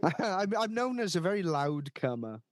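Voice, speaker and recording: Lively high-voiced man telling stories. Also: moderate pace, no room sound. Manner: animated, laughing and swearing often. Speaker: podcast co-host. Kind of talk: casual storytelling chat.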